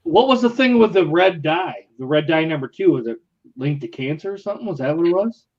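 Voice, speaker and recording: A man's voice: a little high, animated, brisk, muffled recording. A man guesting on a beer live stream, joking and teasing the others. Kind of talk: casual chat.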